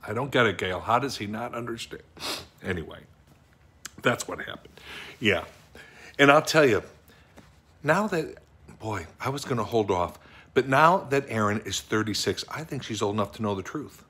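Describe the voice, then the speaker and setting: A man's voice: fairly low pitch, expressive, moderate pace, long pauses, bright, forceful tone, breathy edge, heavily acted. A middle-aged man playing a bumbling, sweet office worker in an improvised comic monologue, rambling and fretful as he talks to an unseen wife. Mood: sentimental. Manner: rambling, fretful, easily choked up.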